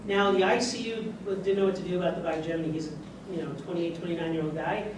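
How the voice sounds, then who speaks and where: A man giving a medical lecture to a live audience, heard from a distance in an echoey room. He talks conversationally, putting questions to the audience. A steady hiss of noise sits under his voice. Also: sits high, quick pace. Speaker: doctor giving a talk. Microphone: far room mic.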